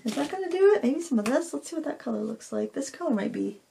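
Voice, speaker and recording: A woman's voice: high voice, animated, fast, vocal fry, warm tone. A woman hosting a painting tutorial, casually thinking aloud as she works and candidly admitting she isn't fond of the piece. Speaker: craft video host.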